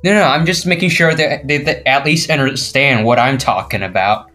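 A teenage boy co-hosting a casual podcast, telling a school story in an animated way and mimicking his classmates. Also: mid-range voice, moderate pace, soft background music. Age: teens. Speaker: podcast co-host. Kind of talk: casual chat.

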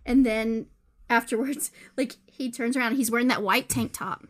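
A woman's voice: on the high side, fairly even intonation, moderate pace. A woman with a Southern US accent, co-hosting a casual movie podcast in a rambling, gushing, giggly way. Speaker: podcast co-host.

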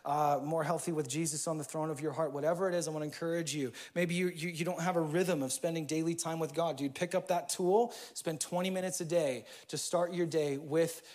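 A man in his thirties preaching a sermon in a church, casual and energetic, with slang. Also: on the high side, fairly quick, few pauses. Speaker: pastor.

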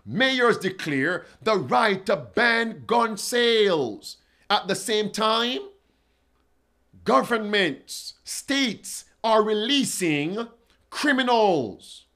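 A man preaching a livestreamed sermon, reading quotes aloud and pleading with listeners in a slow, dramatic way. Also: high voice, lively intonation, sharp tone. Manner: reads quotes aloud and addresses chat viewers.

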